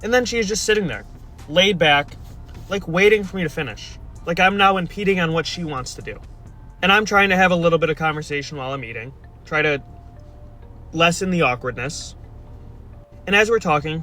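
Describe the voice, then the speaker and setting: Bright-voiced young man telling a wry storytime. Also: on the high side, brisk, soft background music. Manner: exasperated, wry, deadpan. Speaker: storyteller in a played video clip. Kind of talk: casual storytime.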